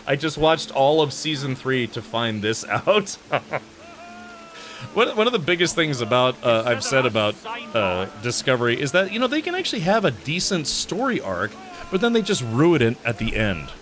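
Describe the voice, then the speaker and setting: Very animated and a bit bright, the man's medium-pitched voice moves at normal speed. While playing a video game on a live stream, he makes casual, rambling conversation with viewers, laughing often and frequently restarting what he's saying.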